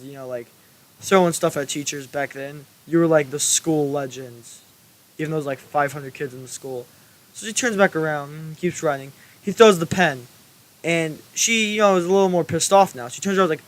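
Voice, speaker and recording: Young man, slightly high voice, rambling storytime vlog, lots of swearing and fillers. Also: fairly quick, fairly bright tone. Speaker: storytelling YouTuber.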